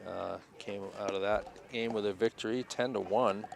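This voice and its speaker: A man with a fairly low voice handles play-by-play for a local baseball broadcast. His delivery is easygoing and conversational, and he fills the time between pitches with friendly chat. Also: fairly even intonation, moderate pace, vocal fry, background noise. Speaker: play-by-play announcer.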